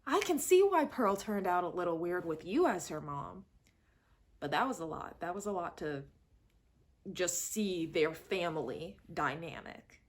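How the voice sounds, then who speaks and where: A woman's voice: on the low side, measured pace. A woman giving a casual, chatty movie review and talking expressively. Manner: chatty, expressive, acts out lines in quotes.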